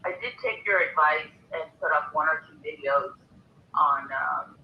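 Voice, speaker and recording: A man with a hoarse, gravelly morning voice, joining as a guest on a live call and talking haltingly with many pauses. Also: on the high side, slight background noise. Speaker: guest caller. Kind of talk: casual chat. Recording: echoey, muffled call audio.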